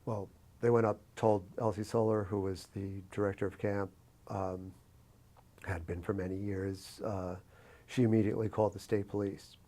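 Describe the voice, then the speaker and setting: Man from New York City, slightly low voice, interviewee telling an anecdote, reflective, animated, lots of fillers. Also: normal speed. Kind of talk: oral history storytelling.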